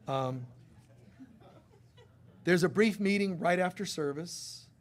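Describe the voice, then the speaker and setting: A man's voice: a little high, darkish tone. A man leading a church service, giving rambling, chatty announcements with many fillers to a congregation.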